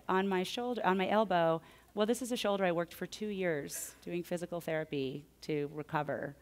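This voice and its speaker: A woman telling a personal story to a live audience, chatty and animated, often laughing. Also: mid-range voice. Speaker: speaker at a live event.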